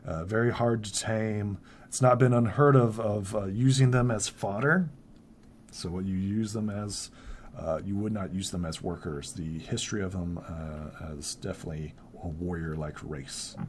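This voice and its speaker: A man's voice: on the low side, normal speed, darkish tone, a little hiss or hum. A man running a tabletop game as game master, narrating in a casual way with many fillers.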